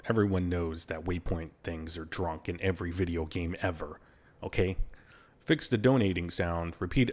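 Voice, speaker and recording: A man's voice: low voice, a bit bright. A man hosting a gaming channel, reading patch notes aloud in casual commentary, with blunt, sarcastic asides and slightly slurred diction.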